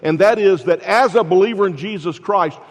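Male pastor, sermon delivery, fairly high voice, rhetorical questions, reverberant sanctuary. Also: fairly quick, slight background noise. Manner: preaching with rhetorical questions, swings from loud to hushed. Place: church sanctuary. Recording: long reverb in a large hall.

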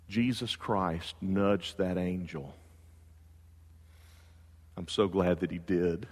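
A man preaching a sermon in a church, telling a story with lively excitement that drops to slow, hushed earnestness. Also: deep voice, long reverb tail. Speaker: pastor.

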